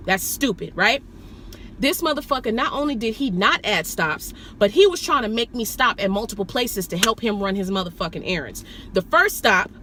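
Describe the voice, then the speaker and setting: Bright-voiced, animated storytelling woman. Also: a little high, slight background noise. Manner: profane, animated, indignant. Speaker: rideshare driver. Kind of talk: storytelling vlog.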